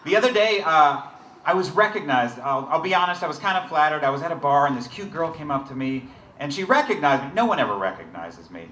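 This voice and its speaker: A man's voice: on the high side, big pitch swings, fast, pushed and bright, recorded from a distance. A man from the United States doing a self-deprecating stand-up set. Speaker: stand-up comedian. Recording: echoey room with clear background noise.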